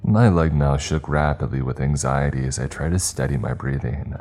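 A man narrating a scripted horror story in a measured, tense way. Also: rumbling low, darkish tone. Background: faint music.

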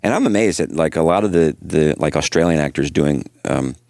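A man's voice: rumbling low, expressive, brisk, vocal fry, a little mellow, dry recording, clean studio sound. A man co-hosting a podcast, playful and jumping between topics. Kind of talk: casual podcast chat.

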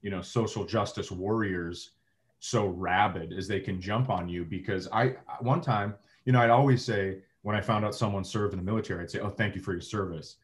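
A man's voice: fairly low pitch, normal speed. A man co-hosting a podcast in casual chat, trading wry jokes. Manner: wry, joking banter. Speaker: podcast co-host.

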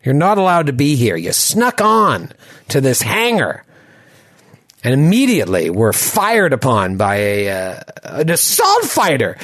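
A young man narrating a tabletop game as game master, animated and laughing often. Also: a little high, no room sound, studio quality.

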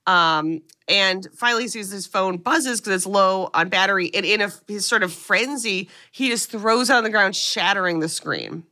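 A woman's voice: medium pitch, normal speed, few pauses, sharp tone. A woman co-hosting a podcast, recapping a movie in casual chat and swearing freely as she tells the story.

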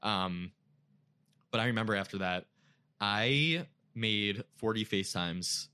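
A man's voice: fairly low pitch, slow, pushed and bright, smooth. A young man, a podcast guest, telling an emotional personal story in casual chat, full of filler words.

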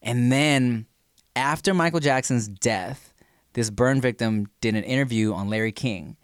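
Animated man chatting on a dry podcast mic. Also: mid-range voice, measured pace, clear, resonant tone, no echo. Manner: animated storyteller, slips into voices. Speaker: podcast co-host. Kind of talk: casual chat.

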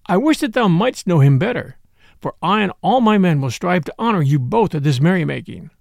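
A man's voice: sits high, lively intonation, a little fast, gravelly, a little mellow, no echo, clean studio sound. A man voicing a jolly outlaw leader who teases with mock gravity, in an audiobook reading. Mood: mock-grave. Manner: teasing and mock-grave.

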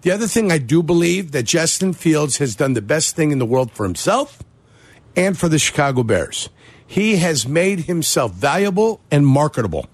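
A man's voice: on the high side, very animated, normal speed, dry recording. A man co-hosting a sports talk radio show, ribbing his partner with mock outrage.

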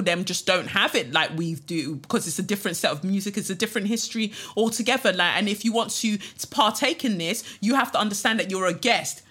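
A woman co-hosting a podcast, blunt and animated with mocking asides. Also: on the low side, slightly rough. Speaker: podcast co-host. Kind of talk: casual chat.

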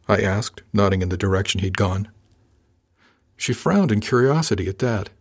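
Man, low voice, first-person audiobook narration, dry understated delivery. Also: normal speed.

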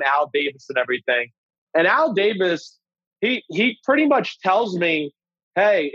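A man in his forties, a former pro quarterback, casually telling a draft story with animated, profane energy. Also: fairly high pitch, no echo, muffled recording. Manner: animated, profane, acts out quoted voices. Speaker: former NFL quarterback, podcast guest.

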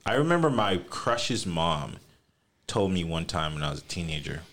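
A man's voice: deep voice, moderate pace. A man from the US East Coast telling joking stories in a casual podcast chat. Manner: joking storyteller, animated.

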